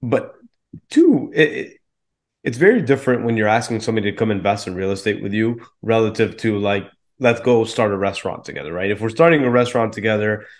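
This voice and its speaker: A man's voice: lowish voice, lively intonation, brisk. A man, a real estate investor guest on a podcast, explaining his approach confidently with casual fillers. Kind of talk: podcast interview.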